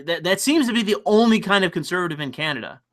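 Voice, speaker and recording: A man hosting a livestream, ranting profanely and excitably while reading chat donations aloud. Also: high voice, quick pace. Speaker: livestream host. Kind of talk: casual livestream rant.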